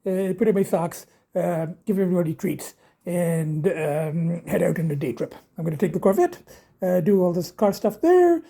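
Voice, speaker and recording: A man talking casually in a home video diary, rambling and hesitant with many fillers, now and then cooing softly to his cats. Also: high-pitched, animated, moderate pace, gravelly. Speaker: vlogger. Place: home bedroom.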